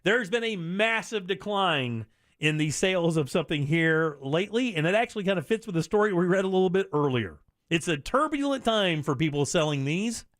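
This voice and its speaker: A man's voice: high voice, animated, brisk, fairly bright tone, no echo, studio quality. A middle-aged man hosting a radio show, telling a story in casual chat and acting out the lines he quotes.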